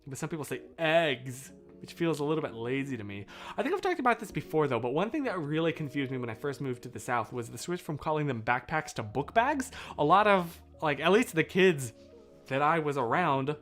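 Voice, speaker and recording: A male streamer talks loosely into a boom mic. His pitch swings a lot as he wanders from thought to thought and keeps breaking off mid-sentence. Soft music plays low behind him. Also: brisk. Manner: rambling, animated, self-interrupting. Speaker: livestreamer. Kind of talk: casual livestream chat. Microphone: boom mic out of shot.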